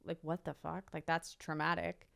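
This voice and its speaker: A woman's voice: deep voice, flat delivery, moderate pace, creaky, a bit bright, no echo, studio quality. A young woman, an interview guest, emphatically retelling a personal story and quoting what people said. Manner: emotional, emphatic retelling with quoted dialogue.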